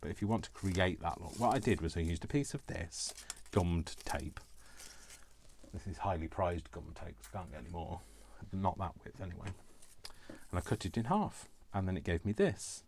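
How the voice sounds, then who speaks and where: Man, middle-aged, deep low voice, casual craft tutorial, rambling, self-mocking chuckles. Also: lively intonation, normal speed, darkish tone, slight background noise.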